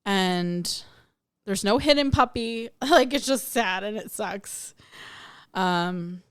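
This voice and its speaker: A woman's voice: medium pitch, slow, a bit bright, smooth, dry recording, clean studio sound. A young adult woman hosting a spiritual podcast, telling a personal story in a candid, reflective way and acting out the voices in it. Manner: candid, storytelling with acted-out quotes.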